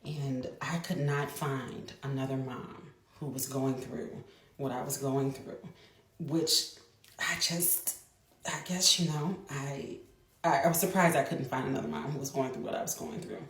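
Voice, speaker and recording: In an echoey room, a mother in her thirties tells a personal story to the camera for a casual vlog. Her voice is rumbling and low, steady in tone and unhurried, though she speeds up in bursts and restarts sentences as she chats.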